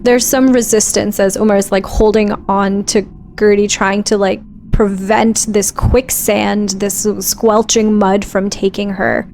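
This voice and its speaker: A woman narrating her character's actions in a tabletop game, slow and descriptive with some hesitation. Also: mid-range voice, level tone, a little mellow, slight background noise. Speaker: player.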